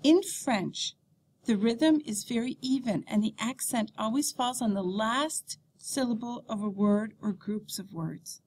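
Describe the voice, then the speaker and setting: A woman teacher reading a beginner French textbook lesson aloud, saying the French words slowly and clearly. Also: on the high side, darkish tone.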